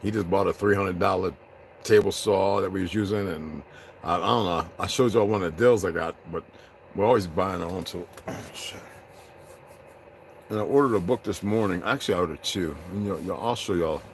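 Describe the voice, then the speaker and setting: A man's voice: a little fast, slight background noise. A man hosting a casual, joking chat with his viewers, laughing often. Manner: loose, joking, laughs often, slips into high excited voices. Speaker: channel host.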